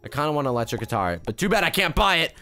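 A man's voice: a little high, very animated, racing, pushed and bright, soft background music. A young man joking and rambling through casual gameplay commentary, with frequent restarts. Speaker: gaming YouTuber.

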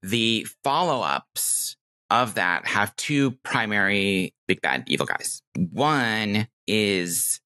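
A woman's voice: extremely low pitch, expressive, slow, sharp tone. A woman guest speaking in a podcast interview, candid and reflective, with a nasal, self-made Californian-Midwestern accent. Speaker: guest, game designer.

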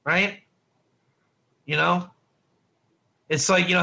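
A man leads a casual Bible study class in a high, bright, forceful voice with lively intonation and some vocal fry, speaking a little slowly. Chatty and informal, he often repeats words, restarts sentences, and quizzes his students.

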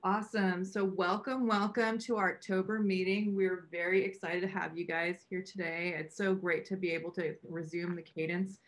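A woman's voice: fairly low pitch, fairly even intonation, normal speed, hardly any pauses. Chatty woman hosting a video call. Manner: chatty, many restarts and fillers. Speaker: meetup co-founder and host. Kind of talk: casual welcome remarks on a video call.

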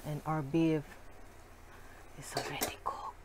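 A woman cooking at home and chatting to her viewers, giggly and excitable. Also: low voice, slow pace, noisy background. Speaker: cooking vlogger. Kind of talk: casual cooking chat to viewers. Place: home kitchen.

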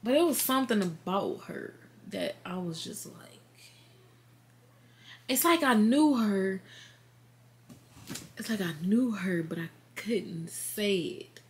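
A woman chatting warmly on her home vlog, retelling a story with quoted dialogue and heartfelt excitement. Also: on the low side, measured pace, hardly any pauses, slight background noise. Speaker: vlogger, work-from-home mom. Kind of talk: casual faith vlog chat. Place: at home, sitting on the bed.

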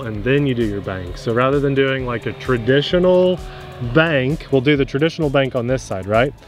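A young adult man, chatty and easygoing, explains what he is doing as he flies a model plane at an outdoor field. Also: mid-range voice. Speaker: RC pilot and channel host. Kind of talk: casual outdoor flying commentary.

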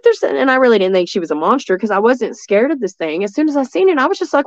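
A woman from East Tennessee with a Southern accent, telling a story as a guest in a rambling, excitable way full of restarts. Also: a little high, fast, no echo, dull audio. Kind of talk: casual storytelling.

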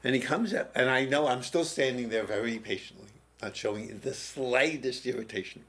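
An older man being interviewed in a TV studio, slowly telling a personal story with pauses and restarts. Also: medium pitch, a bit bright. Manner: slow, halting, with pauses and restarts. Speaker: interview guest, former prison teacher. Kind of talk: reflective storytelling.

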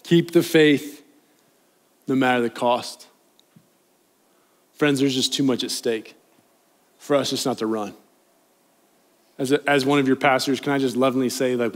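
Speaking at normal speed with a medium pitch, fairly even intonation, and frequent pauses, a young youth pastor addresses a live congregation in a church sanctuary. His sermon is earnest and conversational, pleading with rising emphasis.

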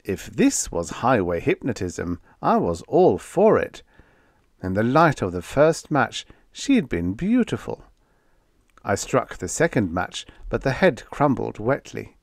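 A man reading a vintage science fiction story aloud as scripted first-person narration, with expressive, unhurried storytelling. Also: on the low side, no room sound, clean studio sound. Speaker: audiobook narrator.

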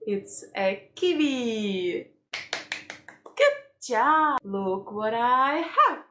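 Female toddler teacher, high sing-song and very lively pitch, slow repetition. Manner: slow, exaggerated sing-song, repeating words. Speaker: children's teacher. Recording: roomy echo.

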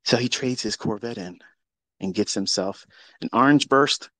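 A man telling a story in a casual monologue, profane and mocking, with sudden loud outbursts. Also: on the low side, normal speed, no room sound. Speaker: trading educator on a live audio space.

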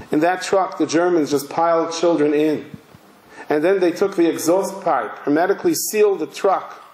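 Male rabbi, higher-pitched, emphatic sermon storyteller, recorded with hall echo. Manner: slow, emphatic, vivid narration.

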